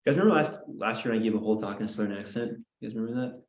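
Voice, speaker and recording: A man's voice: on the low side, racing. Playful male teacher in a roomy classroom. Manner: playful, joking, chatty asides. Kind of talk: classroom lecture.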